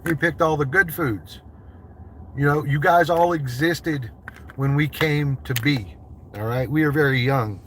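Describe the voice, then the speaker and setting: A man's voice: a little high, measured pace, fairly bright tone, slight background noise. A man from the United States in a vehicle, chatting with his livestream viewers in loose, profane, joking banter. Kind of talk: casual livestream chat.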